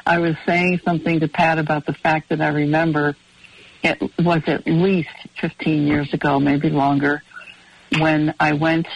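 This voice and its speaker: A woman co-host on talk radio wanders through a long anecdote in an easygoing, chatty way. Her voice sounds husky and comes through muffled. The audio is dry, with no room sound. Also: low-pitched, flat delivery, unhurried, no room sound. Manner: rambling, anecdotal storyteller. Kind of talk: casual radio chat.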